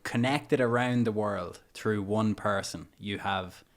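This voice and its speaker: A man's voice: fairly low pitch, takes it slowly. Chatty Irish man hosting a podcast. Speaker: podcast host. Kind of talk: casual podcast conversation.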